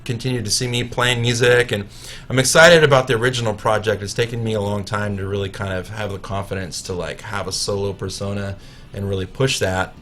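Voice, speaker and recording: A man's voice: lowish voice, steady tone, a bit bright, soft background music. A man, a musician guest on a radio show, chatting casually in a studio, joking about himself and restarting his sentences often. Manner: joking, self-mocking, halting restarts.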